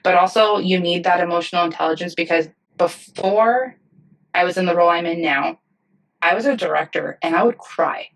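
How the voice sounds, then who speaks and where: Thirties woman, nurse leader, earnest storyteller, lowish voice, a bit off mic. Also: brisk, vocal fry, distant mic, poor audio. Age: 30s. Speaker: director of nursing, podcast guest. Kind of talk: conversational podcast interview.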